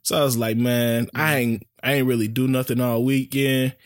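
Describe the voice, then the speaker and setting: A man co-hosting a podcast, telling stories in relaxed slang-heavy casual chat. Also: medium pitch, moderate pace, no echo, clean studio sound. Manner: laid-back slang-heavy storytelling. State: recovering from being sick. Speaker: podcast co-host.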